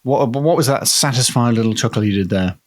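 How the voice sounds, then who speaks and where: A man co-hosting a comedy podcast, chatting with wry, deadpan asides and frequent self-corrections. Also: medium pitch, a little fast. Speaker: podcast co-host. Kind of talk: comedic casual chat.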